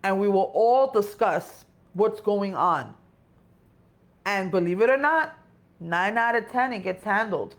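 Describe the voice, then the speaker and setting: A woman's voice: mid-range voice, lively intonation, measured pace. Chatty woman with a Spanish accent. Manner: chatty, sympathetic, talks in short run-on clauses. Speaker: co-host. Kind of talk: casual live-stream chat.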